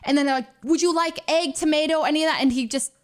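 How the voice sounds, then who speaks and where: A woman's voice: high voice, quick pace. A woman streamer chatting casually as she reacts to her own vlog, rambling through a story with lots of fillers and restarts.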